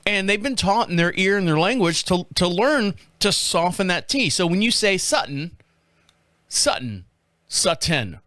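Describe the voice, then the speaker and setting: Guy hosting a podcast, high bright voice, crude jokey riffing, dry close mic. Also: expressive, moderate pace, hardly any pauses, no echo. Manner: joking, crude, laughs at his own remarks. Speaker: podcast host. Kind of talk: casual comedic commentary.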